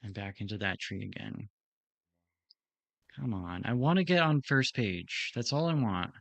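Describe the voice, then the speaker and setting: A man's voice: fairly low pitch, animated, a little slow, creaky, fairly bright tone, dry recording. A man streaming himself practicing in a drone racing simulator, muttering to himself and swearing in frustration as he plays. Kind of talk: live gameplay self-talk.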